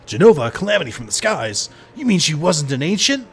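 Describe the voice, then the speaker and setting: A man's voice: fairly high pitch, sing-song, fast talker, a little hiss or hum, pitched above the performer's own voice. A man voicing a curt young mercenary who asks terse questions. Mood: questioning.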